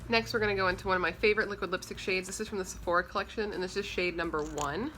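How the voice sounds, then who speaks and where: A woman's voice: mid-range voice, fairly even intonation, racing, pushed and bright, a little hiss or hum. A young woman vlogger chatting playfully to camera at home, swatching lipsticks with jokey asides. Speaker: beauty vlogger. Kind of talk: casual chat to camera.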